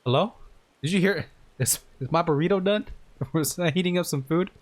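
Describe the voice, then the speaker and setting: A man talking casually and joking through a gaming reaction, chatty and quick to laugh. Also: a little high. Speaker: streamer reacting to a game.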